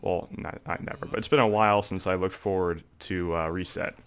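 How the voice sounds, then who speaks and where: A man's voice: sits low, fairly even intonation, brisk, a bit bright, clear, resonant tone. A young man with a congested, stuffy voice, rambling in casual gameplay commentary with lots of "like" and "um" fillers. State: congested, sore throat. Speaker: gaming video creator.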